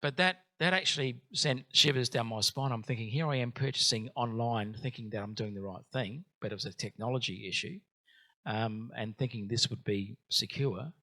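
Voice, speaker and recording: A man's voice: mid-range voice, normal speed, pushed and bright. A man hosting a business workshop, telling a personal story with frequent ums and uhs. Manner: hesitant, many ums and uhs. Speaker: event host.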